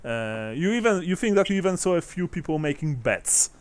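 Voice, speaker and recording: A man runs a tabletop role-playing game as game master, his voice clear and smooth. He narrates loosely, with restarts, laughs and the odd swear. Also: a little high, big pitch swings. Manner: halting, laughing, swears casually.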